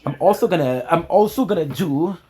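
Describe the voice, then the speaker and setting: A man's voice: fairly high pitch, expressive, a little fast, dark tone. A young man streaming a game from his apartment, rambling in casual chat to camera and joking with himself. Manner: rambling, jokey, talks to himself. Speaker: gaming streamer. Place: home apartment.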